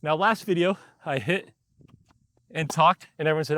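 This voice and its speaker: A man's voice: on the high side, moderate pace, bright, forceful tone, dry recording. A man teaching tennis while he rallies on a court, a bit out of breath, explaining in short bursts between shots. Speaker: tennis coach.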